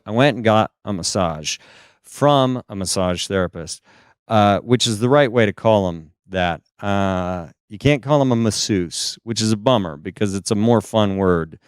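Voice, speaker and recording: A male stand-up comedian from Seattle with a smooth, clean voice. He is recorded close and dry, with almost no room sound. He tells his story with animated energy and keeps leaping into squeaky high voices when he plays the people in it. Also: no echo. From Seattle, USA.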